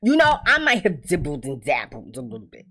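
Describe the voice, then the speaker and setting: A woman's voice: sits low, huge pitch swings, brisk, fairly bright tone. A woman giving a casual, blunt, profane recap of a TV episode, acting out the characters' lines as she goes.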